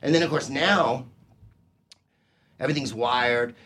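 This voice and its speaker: A man's voice: medium pitch, a little slow, a bit bright, a little hiss or hum. A man from California telling loose stories in casual podcast chat, laughing often.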